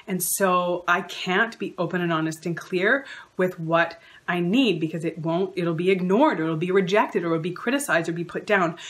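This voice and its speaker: A woman's voice: lowish voice, fairly bright tone. A woman counsellor giving an earnest advice talk, stringing together lists of repeated phrases. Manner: acts out quoted remarks in shifted voices.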